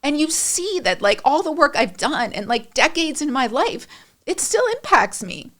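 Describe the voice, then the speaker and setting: Middle-aged woman on a podcast, kinda high voice, emotional and rambly, very open. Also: animated, normal speed, a bit bright. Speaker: guest. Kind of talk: candid podcast conversation.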